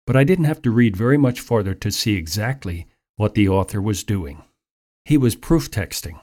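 Earnest, low-voiced male preacher. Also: animated, darkish tone. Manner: measured, earnest, explanatory. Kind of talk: sermon-style Bible teaching.

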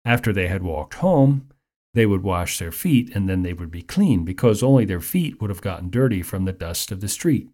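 A man preaching a sermon in a measured, explanatory teaching manner. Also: deep voice, animated, dark tone.

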